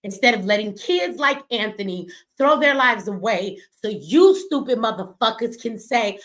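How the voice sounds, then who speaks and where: A woman's voice: a little high, lively intonation, normal speed, few pauses, a bit bright. Heated, profane middle-aged woman ranting. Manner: blunt, profane, heated and preachy. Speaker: streamer and commentator. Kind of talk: impassioned livestream commentary.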